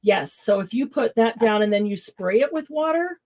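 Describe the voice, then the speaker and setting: A woman's voice: a little high, expressive, normal speed, a little mellow, slight background noise, rough recording. A middle-aged woman hosting a live craft supply sale, chatting casually, laughing often and listing product colors.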